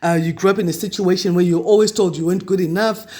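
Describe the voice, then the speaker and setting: A man's voice: high voice, fairly even intonation, fast, darkish tone. A man giving a weekly tarot reading to camera, chatty and reassuring as he passes on spiritual guidance. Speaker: tarot reader.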